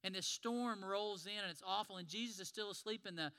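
Bright high-voiced man preaching. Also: brisk, smooth, in a large hall. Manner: storytelling, conversational, acts out quoted lines. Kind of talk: sermon.

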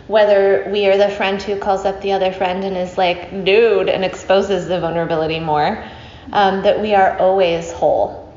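A woman's voice: medium pitch, darkish tone. A woman teacher telling a story to a group in a chatty, playful way, with many fillers and asides to her listeners. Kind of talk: casual spoken storytelling. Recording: roomy, slightly dull recording with faint hiss.

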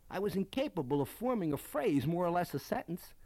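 A man from Baltimore, a children's book author, reading his childhood memoir aloud with expressive, dramatic storytelling. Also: high voice, a little fast, dry recording.

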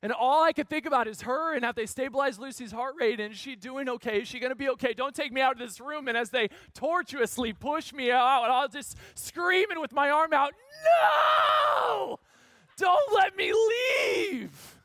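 Guy in his 30s preaching a story, high bright voice, dry sound, goes from shouting to quiet. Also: brisk, few pauses, dry recording. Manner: animated storyteller, swings from shouting to hushed. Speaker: guest speaker. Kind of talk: storytelling sermon.

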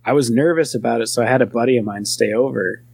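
Husky man telling a story. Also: medium pitch, fast talker, darkish tone, no echo. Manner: rambling anecdote-telling. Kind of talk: casual storytelling.

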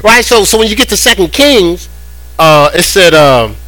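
A man preaching a sermon in a conversational, animated way, often repeating words as he goes. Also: high-pitched, moderate pace, soft background music, poor audio. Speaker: pastor.

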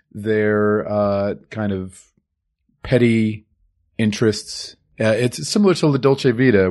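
A man co-hosting a podcast, calmly summarizing and explaining an old film in casual talk. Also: on the low side. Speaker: podcast co-host.

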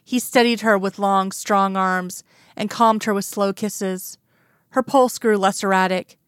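Woman narrator, calm storytelling, smooth clear voice, dry close recording. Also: mid-range voice, a little slow, no echo. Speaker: audiobook narrator. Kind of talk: reading romance fan fiction aloud.

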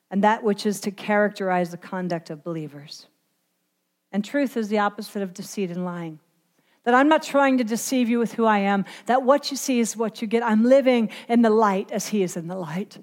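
A woman preaching a sermon, moving from hushed earnest passages to impassioned near-shouts. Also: mid-range voice. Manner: impassioned, swinging from quiet to shouting. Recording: long hall reverb.

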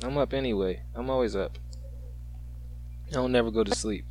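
A man's voice: medium pitch, normal speed, a little mellow. A man co-hosting a podcast, laid-back and joking, with lots of slang and easy laughter. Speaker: podcast co-host. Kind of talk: casual chat.

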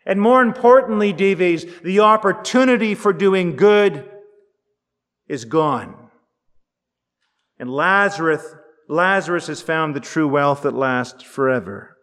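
A male pastor preaching slowly, with a high, light voice and long pauses. He leans hard on key phrases and lets them ring out through a church with a long echo. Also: fairly bright tone. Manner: measured, emphatic with dramatic pauses. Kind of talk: sermon.

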